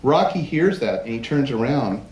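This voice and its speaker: A man giving a live platform presentation, telling lively anecdotes and acting out other people's lines for an audience. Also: mid-range voice, moderate pace. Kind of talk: storytelling talk to a live audience. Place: large event hall. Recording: roomy hall with faint noise.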